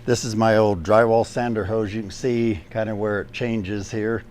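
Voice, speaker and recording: A man's voice: fairly low pitch, fairly even intonation, moderate pace, darkish tone. A man demonstrating a drywall sander indoors, casually walking through practical, step-by-step pointers as a DIY YouTuber.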